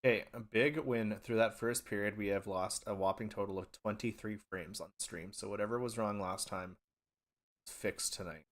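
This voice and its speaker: Man co-host, dry joking hockey banter, relaxed live chat. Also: fairly low pitch, normal speed. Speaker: podcast co-host. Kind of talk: casual live-stream chat.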